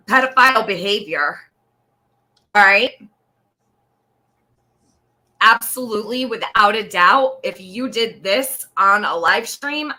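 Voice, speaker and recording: A woman's voice: medium pitch, pushed and bright, poor audio. A woman commenting on a livestream, scolding someone bluntly and repeating her points for emphasis. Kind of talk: indignant live-stream commentary.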